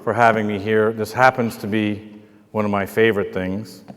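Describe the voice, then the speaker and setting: A man gives a keynote lecture in a loose, self-mocking manner and often pauses with fillers. His voice sits fairly low. A long reverb trails his words in the large hall. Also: flat delivery, noisy background. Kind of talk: informal speech with anecdotes.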